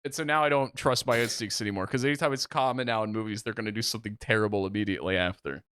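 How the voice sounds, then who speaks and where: A young man co-hosting a podcast, telling a story in casual chat and acting out the quotes with big jumps in pitch. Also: racing, fairly bright tone, smooth, no echo, studio quality. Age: young adult. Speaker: podcast co-host.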